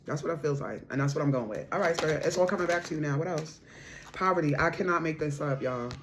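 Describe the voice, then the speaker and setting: A woman's voice: low voice, fast talker, very noisy. Emphatic woman doing a card reading. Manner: emphatic, repeats phrases, slangy endearments like boo and honey; bursts into loud laughter and raised voice when excited. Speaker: spiritual card reader. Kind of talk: casual intuitive reading to viewers.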